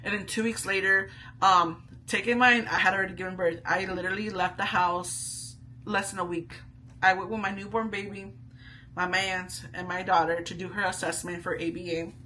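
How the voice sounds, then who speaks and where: A woman's voice: medium pitch, fairly even intonation, normal speed, pushed and bright, a little hiss or hum, rough recording. A young woman, a stay-at-home mom, telling a candid story to camera in a chatty, casual way full of asides and slang.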